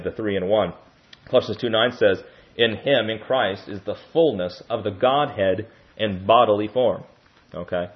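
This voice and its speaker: A man's voice: fairly low pitch, lo-fi sound. Man preaching a teaching sermon. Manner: teacherly, often checks in with "okay?".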